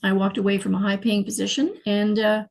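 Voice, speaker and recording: A middle-aged woman, telling her life story as an interview guest in an animated, emotional way. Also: mid-range voice, a little fast, creaky, rough recording. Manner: animated, emotional, frequent fillers and restarts. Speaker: guest, clairvoyant healer.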